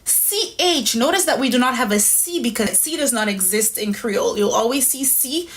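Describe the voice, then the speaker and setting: A woman's voice: on the high side, animated, moderate pace, fairly bright tone, a little hiss or hum. A woman teaching a pronunciation lesson step by step, patient and methodical, often checking in with "right?". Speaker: language teacher.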